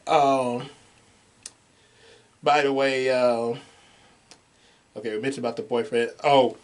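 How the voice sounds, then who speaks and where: A man's voice: mid-range voice, fairly even intonation, takes it slowly. A man co-hosting a casual movie review, rambling with many restarts and laughing at his own jokes.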